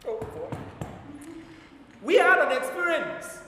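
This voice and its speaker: A man preaching a sermon, driving his points home and slowing down to dwell on scripture, with his volume rising and falling. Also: very high-pitched, very animated, noisy background. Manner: emphatic, slows down for scripture quotes, volume rises and falls. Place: church hall with long reverb. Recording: echoey church hall from far off.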